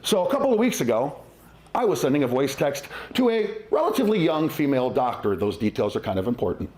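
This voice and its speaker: A man's voice: mid-range voice, sing-song, fast, a little mellow. A middle-aged man doing a conversational, self-mocking stand-up comedy set at a live venue. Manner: conversational, self-mocking, acts out silly voices. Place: winery venue with live audience. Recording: roomy live venue with audience laughter.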